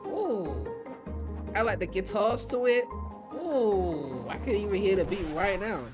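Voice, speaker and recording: Excitable young man reacting live. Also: high voice, measured pace, over music. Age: 20s. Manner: loose, excitable, swears, thinks aloud. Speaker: streamer. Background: showcase audio playing.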